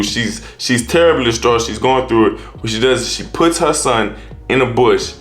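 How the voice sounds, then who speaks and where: A man's voice: mid-range voice, animated, moderate pace, faint music behind. A man preaching in a loose, conversational way, often restarting his sentences and tagging them with "right?" and "you know". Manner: restarts and rephrases often, street-casual wording. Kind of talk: casual conversational sermon.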